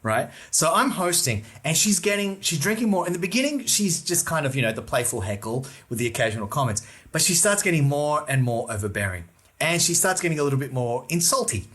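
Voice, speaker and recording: A man co-hosting a comedy podcast, telling a story in a lively way and casually swearing. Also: on the high side, fairly quick. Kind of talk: casual chat, anecdote telling.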